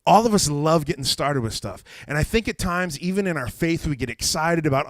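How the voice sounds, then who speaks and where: A man's voice: a little high, brisk, few pauses, no echo, studio quality. A man, a youth pastor preaching a casual sermon and acting out the voices in his stories. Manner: animated storyteller acting out quoted voices.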